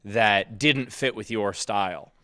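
A man co-hosting a comedy chat show on a video call, a quick-witted, animated storyteller who laughs often. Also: lowish voice, no echo, clean studio sound. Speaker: co-host, comedian.

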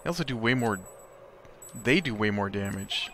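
A man's voice: on the low side, a little fast, bright, forceful tone, slight background noise. A man hosting a let's play, giving casual gameplay commentary in a chatty way, reacting aloud to the game and laughing often.

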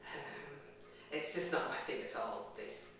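Hesitant, chatty woman, echoey and distant. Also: unhurried. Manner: hesitant and self-deprecating, chatty with many fillers. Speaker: horse owner vlogger. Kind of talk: casual talk to camera. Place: outdoors on a farm yard in cold weather. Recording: echoey and distant with faint noise.

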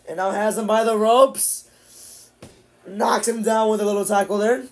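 A man streaming live, casually calling the action play-by-play, with sudden excited outbursts. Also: high voice, moderate pace, pauses often. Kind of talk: live watch-along commentary.

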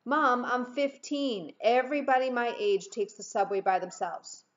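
A woman's voice: on the high side, a little slow, dull audio, voice pushed up, lightly acted. A woman voicing a stubborn, sulky fifteen-year-old girl in a read-aloud storybook. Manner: curt, insistent.

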